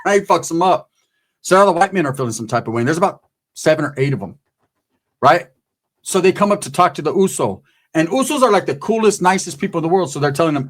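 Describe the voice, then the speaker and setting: Slightly high-voiced man telling street stories. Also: animated, fast talker. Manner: rambling, streetwise and profane, acting out the people in the story. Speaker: storyteller. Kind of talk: casual profane storytelling.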